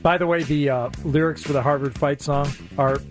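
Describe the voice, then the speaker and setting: High-voiced man explaining on sports radio. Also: steady tone, brisk, music in the background. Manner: explanatory, thoughtful, hedging. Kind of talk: casual sports radio banter. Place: radio studio.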